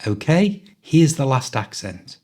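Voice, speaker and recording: A man with a mild Liverpool Scouse accent hosting an accent quiz, upbeat, clear and instructive. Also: medium pitch, big pitch swings, slow pace, mellow. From Liverpool, England. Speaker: host and English coach.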